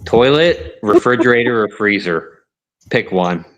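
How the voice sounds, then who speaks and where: A man's voice: on the low side, lively intonation, moderate pace, a bit bright, dull audio. A man joining a casual livestream panel, teasing and crude, often repeating himself. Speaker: panel guest. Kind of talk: casual chat.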